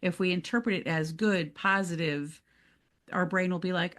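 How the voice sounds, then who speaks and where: Woman, podcast co-host, casual motivational chat, animated, slightly low pitch. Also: moderate pace. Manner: animated, acts out quoted self-talk, laughs often.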